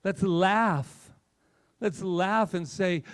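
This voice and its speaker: A man's voice: sits high, slow, clean tone. A male minister preaching a passionate, conversational sermon to his congregation. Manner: impassioned, conversational, animated.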